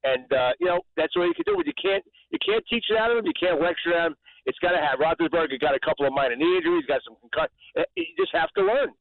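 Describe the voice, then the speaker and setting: A man calling in to a sports radio show, rambling and animated, repeating himself as he talks. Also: on the high side, quick pace, creaky, no echo. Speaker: caller. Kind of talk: excited call-in chat. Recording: tinny phone line.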